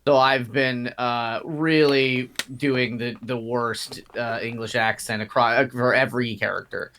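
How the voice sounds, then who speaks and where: A man, a player in a tabletop game, chatting casually in halting, restarting sentences. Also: mid-range voice, steady tone, fairly bright tone, slight background noise. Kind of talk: casual chat.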